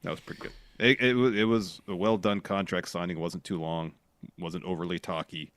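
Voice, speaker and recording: A low-voiced man recaps the week's matches like a co-host walking through his notes. His delivery is steady and matter-of-fact. The sound is close and dry, with no room around it. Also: a little fast, dry recording. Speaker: podcast co-host. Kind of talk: casual wrestling recap.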